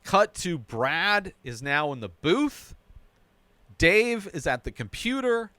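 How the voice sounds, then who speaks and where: A man with a smooth, resonant voice, telling the plot of a TV episode on his podcast in loose, chatty runs. He keeps checking in with the listener with a quick "right?". The sound is close and dry. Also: a little high, sing-song, sharp tone, no echo. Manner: narrates plot in a run-on way, often adding "right?". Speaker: podcast host recapping a TV episode. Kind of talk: casual episode recap.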